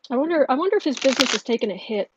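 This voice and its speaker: A woman hosting a casual livestream and reading viewer comments aloud, chatty and quick to laugh. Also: high voice, lively intonation, lo-fi sound, background noise. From northern United States. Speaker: tarot reader and channel host.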